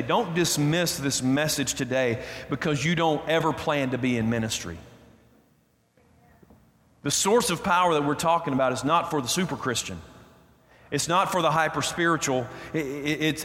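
A man's voice: a little high, moderate pace, a bit bright. A man preaching a sermon as pastor, emphatic and repeating his key phrases. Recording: reverberant hall, roomy echo.

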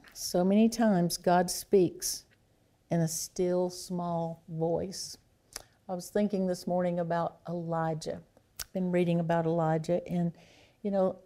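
A woman preaching a sermon, reflective and unhurried, sinking to a near hush on key phrases. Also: on the low side.

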